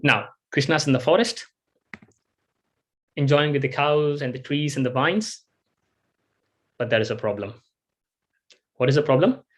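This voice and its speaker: A man giving a devotional storytelling talk, animated and acting out the scenes he tells. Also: on the high side, measured pace, pauses often. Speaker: devotional speaker.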